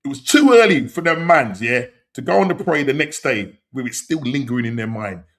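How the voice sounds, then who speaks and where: A man hosting a football podcast, talking in animated, slang-heavy banter and laughing often. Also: medium pitch, fairly quick. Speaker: podcast host.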